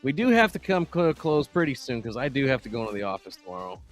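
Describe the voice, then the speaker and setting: A man's voice: mid-range voice, big pitch swings, fast talker. Male podcast co-host, casual late-night banter, reads chat aloud, light music under him. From Texas. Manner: loose, joking, reads chat comments aloud.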